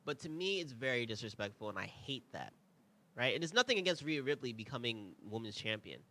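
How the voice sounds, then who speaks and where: Lively, bright-voiced young man ranting. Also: mid-range voice, a little fast. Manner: animated, rambling, conversational asides. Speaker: podcast host. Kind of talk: casual opinionated review talk.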